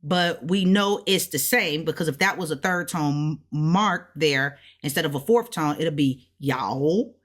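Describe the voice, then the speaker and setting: A woman with a somewhat low voice walks through a casual lesson at an unhurried pace. She thinks aloud and repeats each word slowly to sound it out. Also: fairly bright tone. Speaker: language learner teaching what she studies. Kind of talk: casual self-taught language lesson.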